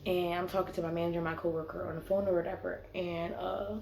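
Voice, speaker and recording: A woman's voice: fairly low pitch, fast, creaky, slight background noise. A young woman telling a story in a casual, slangy way, full of fillers. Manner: animated, slangy storytelling with many "like"s. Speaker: vlogger. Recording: echoey room.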